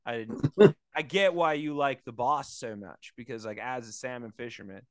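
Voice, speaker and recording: A man's voice: mid-range voice, normal speed, no room sound, clean studio sound. A man co-hosting a podcast, riffing in profane, jokey casual chat. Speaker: podcast co-host.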